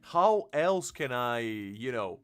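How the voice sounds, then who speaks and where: A man's voice: mid-range voice, very animated, slow, a bit bright, smooth. A young man live-streaming a game, chatting casually, laughing often and answering his chat.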